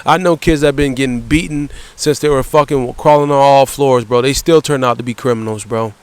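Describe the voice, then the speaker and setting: A man's voice: mid-range voice, fairly even intonation, brisk, clear, resonant tone, dry recording, rough recording. A man ranting bluntly in a vlog, swearing constantly and repeatedly tagging his phrases with "bro.". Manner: profane, repetitive, ends phrases with "bro"; blunt and heated. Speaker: vlogger. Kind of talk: angry rant vlog.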